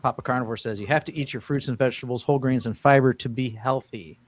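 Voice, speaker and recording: A man's voice: mid-range voice, steady tone, quick pace, no echo. A man hosting a casual live-stream chat, rambling a little, restarting phrases and reading viewers' questions aloud. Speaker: host.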